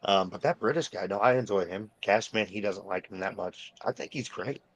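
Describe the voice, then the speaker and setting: A man's voice: lowish voice, a little fast, dull audio. A man hosting a podcast, talking in a laid-back, hesitant way. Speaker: podcast host. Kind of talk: casual chat.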